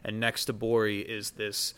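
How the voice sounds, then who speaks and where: A man's voice: fairly low pitch, completely flat delivery, moderate pace, fairly bright tone, clear, resonant tone. A man narrating as dungeon master in a loose, casual way with many fillers. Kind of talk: narrating a tabletop game.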